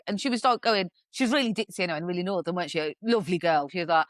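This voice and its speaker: A woman's voice: mid-range voice, rapid-fire, few pauses, no echo. English woman telling wild stories, does voices, swears a lot, dry close sound. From England. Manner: animated, acts out voices, swears, laughs often. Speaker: podcast guest. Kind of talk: casual storytelling chat.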